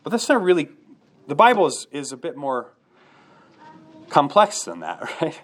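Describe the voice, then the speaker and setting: An earnest man delivers a sermon, pressing his points with rhetorical questions. His voice sits a little higher than most men's. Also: huge pitch swings, normal speed. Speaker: pastor.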